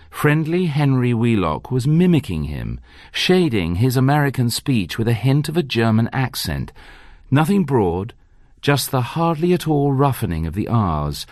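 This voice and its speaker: A man narrating a thriller audiobook in a measured, tense way. His delivery is slow and melodic, with a lot of pitch movement. The studio sound is close and dry. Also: no room sound. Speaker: audiobook reader. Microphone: close studio mic.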